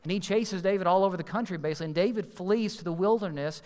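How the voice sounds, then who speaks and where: A man preaching a sermon as pastor, earnest and emphatic, slowing to stress key phrases. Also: sits high, a little mellow. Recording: long hall reverb.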